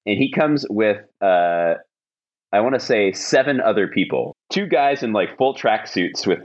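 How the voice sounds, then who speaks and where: A man's voice: on the low side, lively intonation, unhurried, lo-fi sound. A man hosting a podcast, telling a long anecdote in casual chat, rambling with many fillers and restarts. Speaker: podcast host.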